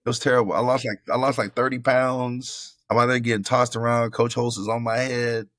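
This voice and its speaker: A man's voice: mid-range voice, flat delivery, fairly quick, a bit bright, no room sound. A middle-aged man from Florida, a former football player, telling a story in a casual interview over a video call. He acts out quoted lines and often calls the host bro.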